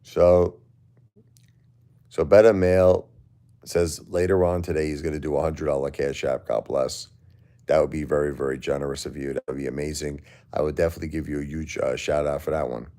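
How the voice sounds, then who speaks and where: A grieving middle-aged man hosting a casual livestream, weary and emotionally drained, talking to viewers with halting, repeated words. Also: extremely low pitch, flat delivery, warm tone. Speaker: livestream host.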